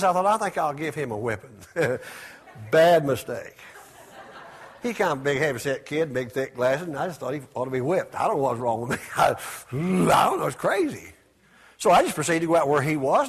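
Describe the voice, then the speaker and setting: In a slightly high, husky voice, a man preaches a call-and-response sermon. He has the congregation repeat his words and swings from loud exclamations to soft asides.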